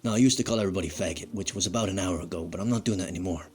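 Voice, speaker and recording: A deep-voiced man talks at a rapid-fire clip, his tone a little mellow and slightly rough. He plays a crude, bitter wrestler who has been fired, rambling and cursing through a comedic monologue in a foul-mouthed, self-pitying way.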